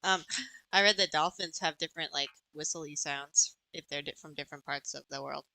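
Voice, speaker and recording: A woman's voice: low-pitched, a little fast, vocal fry, pushed and bright, no echo, low-quality recording. A young woman co-hosting a podcast, chiming in with short teasing, joking remarks in casual chat. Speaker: podcast co-host.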